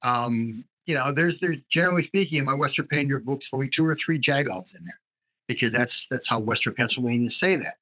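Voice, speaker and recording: A male crime novelist on a podcast panel, relaxed and chatty, telling stories about his books and briefly acting out regional speech. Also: mid-range voice, quick pace, poor audio. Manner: relaxed storyteller, acts out accents in quotes. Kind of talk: casual roundtable chat.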